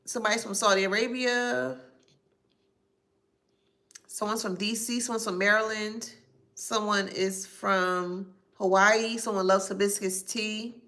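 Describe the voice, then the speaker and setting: A woman's voice: mid-range voice, steady tone, a little slow, a bit bright. A woman giving a psychic reading to camera, listing names and places she says she hears and spelling some of them out letter by letter. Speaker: psychic reader.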